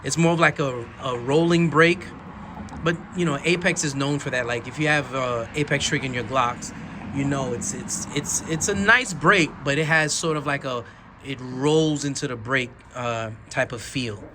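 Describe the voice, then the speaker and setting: A man reviewing handguns in a rambling, enthusiastic way, dropping almost to a whisper while he slowly pulls each trigger. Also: mid-range voice, bright, forceful tone, slight background noise. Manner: drops to a near whisper during slow trigger pulls. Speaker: gun reviewer. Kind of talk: casual product demo.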